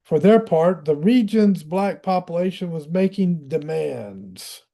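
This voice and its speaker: A man's voice: fairly high pitch, expressive, slow, vocal fry, dark tone. A man from Tennessee with a Southern US accent, reading a history book aloud and adding casual asides of his own. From Tennessee, USA. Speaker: audiobook reader.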